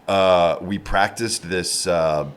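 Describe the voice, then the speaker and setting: A man on a casual podcast as a comedian guest, telling a personal story in a halting way with many fillers and restarts. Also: sits low, fairly even intonation, clean tone.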